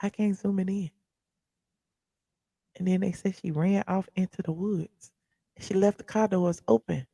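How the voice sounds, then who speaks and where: A woman's voice: medium pitch, fairly even intonation, unhurried, vocal fry, pauses often, warm tone, no echo. A woman hosting a casual commentary show, chatting loosely and reacting to viewers and a video as she talks. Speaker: host of a pop culture commentary channel.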